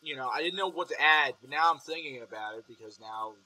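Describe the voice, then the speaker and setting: A man's voice: a little high, lively intonation, fast, sharp tone, low-quality recording. A young man hosting a casual group podcast chat, rambling with plenty of ums as he plans projects. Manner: rambling, lots of filler ums. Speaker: podcast host.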